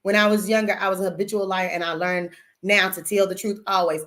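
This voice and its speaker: Woman host, casual storytelling, salty language, lively chatty delivery, talks straight to the listeners. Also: mid-range voice, fast. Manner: animated, profane, addresses audience as y'all.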